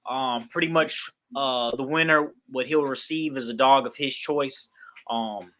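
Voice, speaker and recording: A man's voice: mid-range voice, measured pace, sharp tone. Laid-back rambling man on a livestream. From Queens, New York. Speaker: dog breeder livestreaming a raffle. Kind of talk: casual livestream chat.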